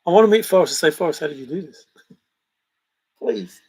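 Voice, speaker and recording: A man's voice: high-pitched, expressive, brisk, a little mellow, slightly rough, rough recording. A man hosting a livestream, chatting casually in a rambling way and chuckling as he reacts to viewers' comments. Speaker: livestream host reading chat. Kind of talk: casual chat.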